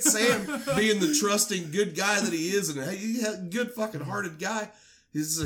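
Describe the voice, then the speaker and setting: Animated man telling a rowdy story. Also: sits high, moderate pace. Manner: animated, swearing, acts out quoted voices. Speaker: podcast co-host telling a story. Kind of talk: casual storytelling chat.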